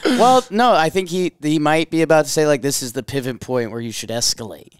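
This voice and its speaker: A man's voice: on the high side, brisk, noisy background. A man co-hosting, making wry, joking remarks in casual reaction commentary. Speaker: co-host.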